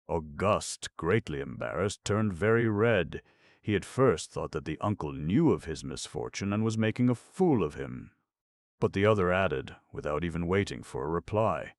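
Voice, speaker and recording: A man narrating a classic novel as an audiobook in a measured, expressive reading, close to the mic. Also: low-pitched, no room sound. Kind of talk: scripted narration.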